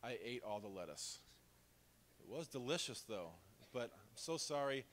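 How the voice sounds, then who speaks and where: A man voicing a sheepish talking stuffed rabbit in a sermon story, apologetic and low-key. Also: animated, moderate pace, a bit bright, slight background noise, close to an everyday voice.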